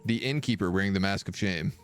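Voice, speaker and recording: A man's voice: low-pitched, quick pace, soft background music. A man giving casual, wry live commentary while he plays a strategy game, chatting and thinking aloud. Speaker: streamer playing a kingdom sim. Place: living in Quebec.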